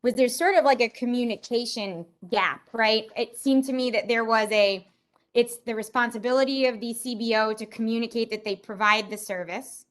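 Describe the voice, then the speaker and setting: A woman's voice: fairly high pitch, steady tone, moderate pace. A woman facilitating an online community meeting, chatty and self-deprecating, talking over a video call.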